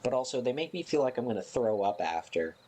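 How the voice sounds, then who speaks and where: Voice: medium pitch, very animated, fast, mellow. A live streamer chatting casually to viewers in a playful, self-mocking, rambling way.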